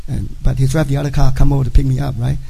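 A middle-aged man, a native Chinese speaker, giving a personal testimony to a congregation in halting speech, often checking in with "right?". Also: mid-range voice, flat delivery, creaky, warm tone, breathy edge, rough recording. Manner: halting, frequent "right?" tag questions. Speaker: church member giving a testimony.

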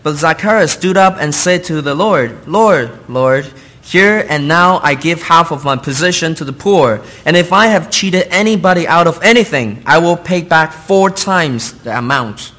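Man, sermon interpreter, somewhat high voice, earnest, hesitant fillers, non-native grammar. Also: animated, normal speed, a bit bright.

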